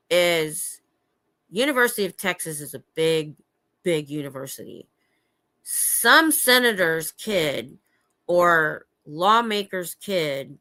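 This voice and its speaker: A middle-aged woman with a lowish, sharp-toned voice hosts a casual, rambling livestream from her home. She chats along, often trailing off and starting over, and responds to viewers' comments as they come in.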